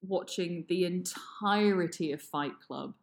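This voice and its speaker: A woman's voice: lowish voice, measured pace. A woman co-hosting a casual podcast discussion, thoughtful and amused.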